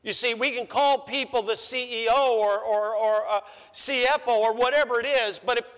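High-voiced pastor preaching in a reverberant hall. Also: male voice, steady tone, moderate pace, a bit bright, clear, resonant tone. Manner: repeats phrases for emphasis, rises sharply when acting out quotes. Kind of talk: sermon. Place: church sanctuary. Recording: long church-hall reverb.

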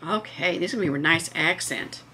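A woman hosts a casual vlog, chatting and gushing with enthusiasm. Her voice has a bright, forward tone. A faint background hiss sits under the recording. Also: fairly low pitch, brisk. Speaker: vlog host.

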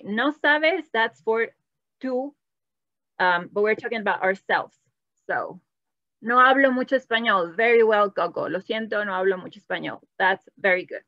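A woman's voice: medium pitch, dry recording. Woman teacher leading a live web class, bilingual, sound slightly dull and dry. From Latin America. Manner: switches between English and Spanish, quizzing the chat. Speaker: Spanish teacher. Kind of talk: live online language class.

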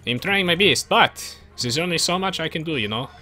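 A man's voice: on the high side, expressive, fairly quick, bright, forceful tone, faint music behind. A man giving playful, jokey commentary while live-streaming a strategy game, chatting with viewers. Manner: playful, jokey, bursts into silly voices. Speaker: gaming streamer.

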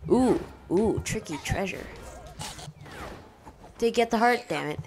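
A woman's voice: medium pitch, expressive, slow, darkish tone, slight background noise. A woman hosting blind gameplay commentary in a put-on imitation Cockney accent, joking and swearing mildly as she plays. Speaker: let's play host.

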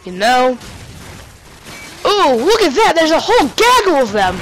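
A woman's voice: high-pitched, sing-song, measured pace, slight background noise, poor audio. A woman giving casual, sarcastic commentary while playing a video game, joking and talking back to the characters on screen. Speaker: let's play commentator.

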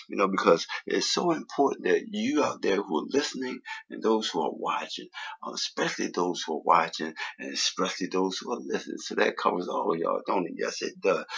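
A man preaching a sermon and praying, rising loud on key phrases, with many fillers. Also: deep voice, vocal fry, husky, highs cut off. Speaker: guest preacher. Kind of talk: sermon and prayer.

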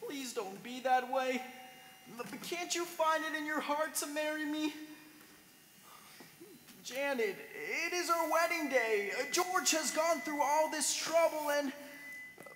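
A young actress on a school stage playing an earnest, flustered, lovesick groom. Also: female voice, high-pitched, slow, long pauses, slight background noise. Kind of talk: stage musical acting. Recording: echoey stage with loud music.

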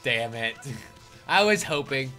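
A man's voice: medium pitch, lively intonation, music in the background. Playful young man riffing over a game. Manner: playful, laughing, quick banter. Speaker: host playing a video game. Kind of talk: casual gaming commentary.

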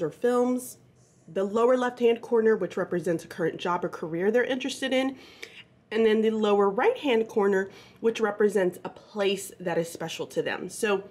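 A woman teacher talks casually to her viewers, recorded on a handheld phone camera in her classroom. Her voice sits at an ordinary middle pitch. She is quick, chatty and upbeat, with a slight nervous edge. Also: darkish tone, breathy edge. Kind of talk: casual vlog chat.

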